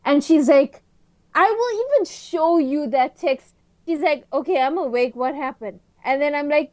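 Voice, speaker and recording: High-voiced, excitable woman telling a story. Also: moderate pace, dry recording. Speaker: podcast co-host. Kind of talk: casual chat.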